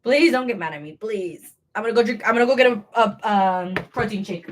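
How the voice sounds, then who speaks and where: A woman's voice: mid-range voice, a little fast. A young woman hosting a casual crochet livestream from home, talking to viewers while she works, bubbly and rambling, often joking at her own expense. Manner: bubbly, rambling, self-deprecating.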